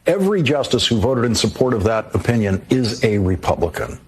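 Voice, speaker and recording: A man delivering a scripted TV monologue in a measured, grave, emphatic way. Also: medium pitch, big pitch swings, a little hiss or hum. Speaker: TV commentator.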